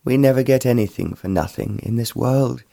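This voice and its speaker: A man voicing a gentle, patient wealthy father in an audiobook reading. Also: moderate pace, creaky, no echo, clean studio sound. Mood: reasoning. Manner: gentle, low and soothing.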